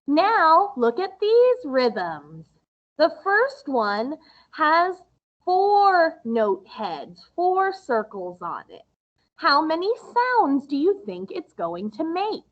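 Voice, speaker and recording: A woman music teacher giving a recorded lesson to young children, explaining slowly and patiently in a sing-song way. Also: high voice, big pitch swings, lo-fi sound.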